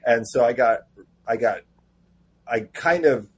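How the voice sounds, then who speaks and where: A man guest on a casual podcast interview, telling animated stories and acting out quoted dialogue. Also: medium pitch, a little slow, breathy edge. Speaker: comic book writer guest.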